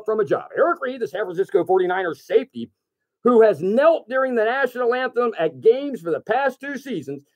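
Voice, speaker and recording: A man hosting a call-in sports radio show, reading rankings casually with fillers and restarts. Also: very high-pitched.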